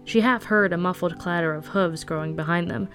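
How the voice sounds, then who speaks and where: A woman reading a novel aloud at a steady storytelling pace. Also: fairly low pitch, brisk, faint music behind. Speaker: audiobook reader. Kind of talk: scripted narration.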